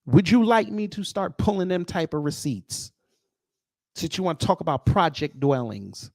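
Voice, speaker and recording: A man's voice: on the high side, animated, moderate pace, vocal fry, a little mellow, no room sound, clean studio sound. A man delivering a heated, combative commentary rant, sarcastic and taunting. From United States. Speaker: commentary host.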